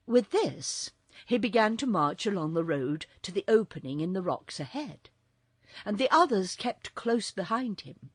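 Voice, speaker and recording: A woman narrating a children's audiobook in a very expressive storytelling voice. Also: medium pitch, measured pace, breathy edge, dry recording, studio quality.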